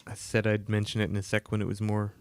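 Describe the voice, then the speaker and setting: A man with a low, gravelly voice, croaky from a coming cold, talks casually through his game code on a livestream. He rambles with fillers and self-deprecating asides. The sound is dry and close, with no room around it. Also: monotone, quick pace, no room sound. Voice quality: gravelly, lower than usual. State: croaky, getting a cold, yawning. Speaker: indie game developer streaming his work. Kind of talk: casual livestream commentary while coding.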